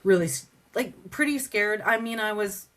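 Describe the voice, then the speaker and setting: A Canadian woman with a medium-pitched voice speaks at a normal speed as a podcast guest and advocate. She tells her story casually and with lively energy, acting out conversations and using lots of "like" as filler.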